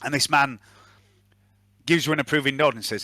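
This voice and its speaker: A man as game master narrating a tabletop role-playing session, relaxed and full of fillers. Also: medium pitch, normal speed, pauses often, dry recording, clean studio sound. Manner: relaxed, with frequent fillers and restarts.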